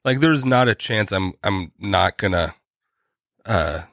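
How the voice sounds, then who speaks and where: A low-pitched man co-hosting a podcast in loose, casual chat. He trips over his words, restarts sentences and slips in small laughs as he goes. The close mic sounds dry, with no room around it. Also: animated, gravelly, a bit bright, dry recording. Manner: halting, restarts often, laughs mid-sentence. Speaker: podcast co-host.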